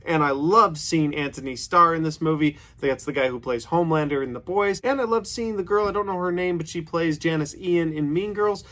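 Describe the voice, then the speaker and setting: A man's voice: a little high, brisk, hardly any pauses, fairly bright tone. A man in his thirties giving a casual, opinionated horror movie review, chatty and full of "like". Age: 30s.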